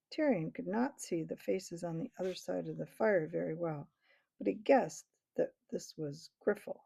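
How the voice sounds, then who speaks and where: A woman narrating a children's fantasy novel aloud in a steady storytelling manner. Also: on the low side, normal speed, gravelly, slightly rough, dry recording. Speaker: reader. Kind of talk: audiobook narration. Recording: dull lo-fi recording.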